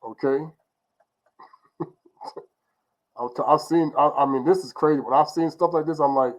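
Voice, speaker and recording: A man's voice: fairly high pitch, normal speed, long pauses, poor audio. A man giving an informal religious teaching in an emphatic, repetitive, conversational way. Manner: emphatic, repetitive, conversational, often restarts phrases. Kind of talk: informal preaching monologue.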